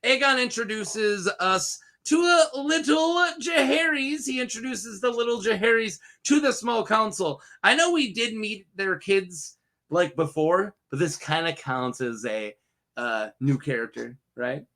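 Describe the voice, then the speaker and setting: Young man, high voice, bright tone, casual solo review, rambling, jokey, laughs a lot. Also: animated, measured pace. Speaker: show reviewer.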